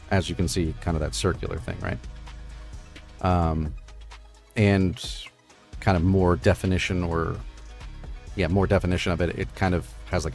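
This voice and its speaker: A man's voice: sits low, gravelly. A man hosting a live stream, explaining poetry forms in a casual, rambling way full of fillers. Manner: rambling with many fillers and "right?". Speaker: streamer host.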